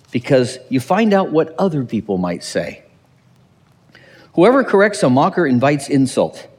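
A man preaching in a large hall with a long echo, his voice sitting a little high. He swings widely up and down in pitch, acts out quotes and slips in dry humor. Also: darkish tone. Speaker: pastor. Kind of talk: sermon.

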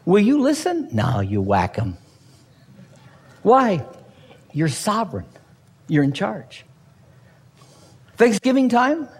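A man's voice: high-pitched, huge pitch swings, takes it slowly, long pauses, slightly rough, long reverb tail. A man preaching a sermon with humor and energy, acting out the voices of Bible figures as he explains the scripture. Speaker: pastor.

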